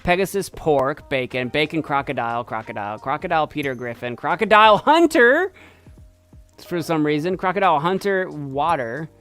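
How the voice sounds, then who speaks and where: A man streaming a game, chatting playfully and excitedly as he thinks aloud. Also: a little high, a little fast, few pauses, clean tone, soft background music. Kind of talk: casual gameplay commentary.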